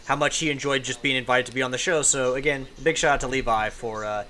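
A man rattling off jokes and shout-outs as co-host of a casual gaming podcast. He talks fast in an upbeat way. His voice has a bright, forward edge. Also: mid-range voice, fairly even intonation.

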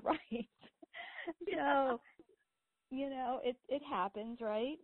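A woman's voice: a little high, takes it slowly, long pauses, no room sound. A woman hosting the show, chatting in a rambling storytelling way and laughing often. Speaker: host. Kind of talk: casual chat. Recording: tinny phone-like call audio, dry.

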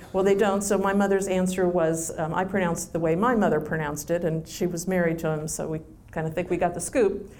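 A woman answering audience questions in a chatty, relaxed way, with frequent ums and restarts. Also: on the low side, a little hiss or hum. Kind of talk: casual Q&A answers.

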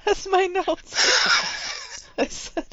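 A woman's voice: extremely high pitch, extremely slow, sharp tone, muffled recording. A woman co-hosting a podcast, chatting casually and giggling often with short reactions. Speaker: podcast co-host. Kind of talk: casual chat.

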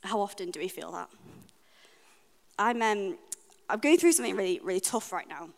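A woman's voice: medium pitch, lively intonation, creaky. Earnest woman preaching in a reverberant hall. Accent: British English. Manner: earnest, personal, reflective with frequent pauses. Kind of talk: sermon. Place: church hall. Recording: long reverb of a church hall.

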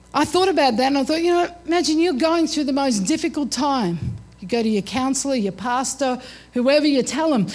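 A woman's voice: high voice, normal speed, darkish tone. A middle-aged woman preaching a sermon, emphatic and repeating herself for stress.

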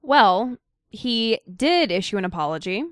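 A woman's voice: on the high side, sing-song, measured pace, fairly bright tone, dry recording, studio quality. A woman co-hosting a casual podcast, matter-of-fact, reading news quotes aloud. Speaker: podcast co-host.

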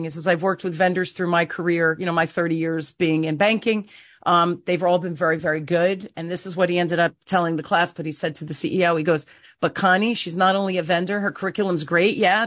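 A woman with a lowish voice tells a personal story in a casual podcast chat. She acts out the dialogue of the people in her story with real feeling. The sound is dry and close, with no room echo. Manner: animated, emotional storyteller who acts out quoted dialogue. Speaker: podcast host. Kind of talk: conversational storytelling.

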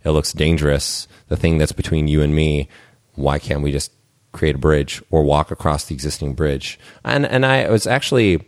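A man's voice: very deep voice, normal speed, no room sound, clean studio sound. A man hosting a podcast conversation, thinking aloud in a reflective way with many fillers. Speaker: podcast host. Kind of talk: conversational interview.

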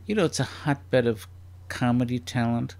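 Appearing as a guest on a comedy podcast, a man with a medium-pitched, darkish voice speaks at a moderate pace. He rambles curiously in casual chat, firing off playful questions.

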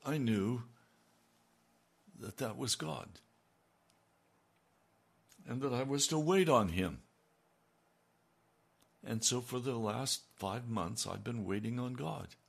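Slow, gravelly older male preacher. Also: mid-range voice. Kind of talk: sermon.

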